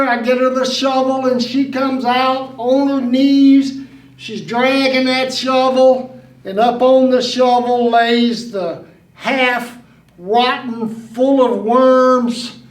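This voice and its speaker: A male storyteller with an unusually high voice tells a tale live. He speaks slowly and folksily. The sound is roomy and picked up from across the room. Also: fairly even intonation, recorded from a distance. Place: museum venue.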